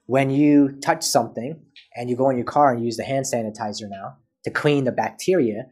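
A man's voice: medium pitch, a little fast, a little mellow, husky. A man as a podcast guest, telling a personal story in casual chat and acting out both sides of past conversations.

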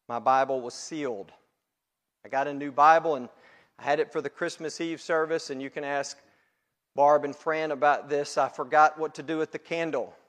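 A man preaching a sermon to his congregation, building to loud emphatic peaks and then dropping low. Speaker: pastor.

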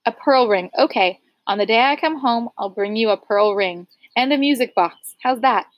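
A woman reading aloud voices a patient father softly coaxing his grieving young daughter. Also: fairly high pitch, normal speed, dry recording, lo-fi sound, close to an everyday voice. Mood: gentle coaxing.

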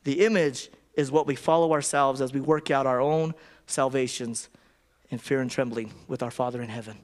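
A preacher delivers a conversational sermon in a medium-pitched voice at normal speed, with fairly even intonation. He often repeats himself and restarts his phrases.

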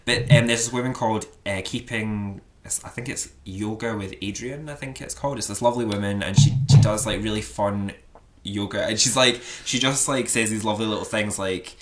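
A man with a fairly low voice, talking casually as a podcast co-host. He is animated and laughs easily, filling his sentences with ums and likes. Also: brisk. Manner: chatty and animated, laughing easily, with frequent fillers. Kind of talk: casual chat.

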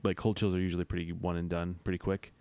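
A man co-hosting a podcast in casual chat, jokey and quick to laugh. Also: deep voice, little pitch movement, a little mellow, clean tone, no room sound. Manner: laughs often, jokey and playful. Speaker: podcast co-host.

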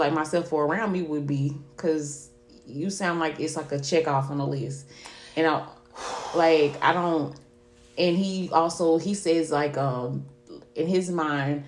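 A woman co-host telling stories in a casual podcast chat, candid and slangy. Her voice sits a bit low. The room around her is echoey. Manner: candid, animated storytelling with slang.

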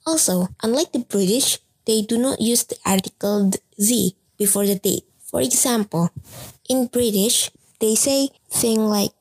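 A woman's voice: on the high side, a little slow, darkish tone, husky, no echo, low-quality recording. A young woman, a university student, explaining things carefully and giving examples as she goes. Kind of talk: scripted educational explanation.

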